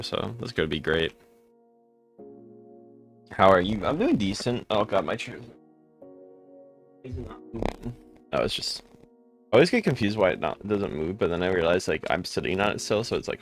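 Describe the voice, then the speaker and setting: A tired man casually chatting with viewers during a live gaming stream, greeting them by name with rambling asides. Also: on the low side.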